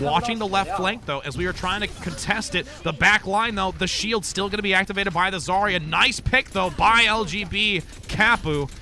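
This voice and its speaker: A young man delivers live play-by-play commentary for a video game, sounding like a radio announcer. His voice is very bright and a little high, and he speeds up and gets louder as the fight heats up. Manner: radio-announcer delivery, hyped and fast when action builds. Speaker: streamer and game caster.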